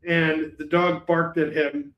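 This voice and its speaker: A man's voice: fairly high pitch, little pitch movement, takes it slowly, muffled recording. A man hosting a live shopping stream, chatting loosely, laughing and swearing freely. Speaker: live shopping show host. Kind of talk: casual livestream chat.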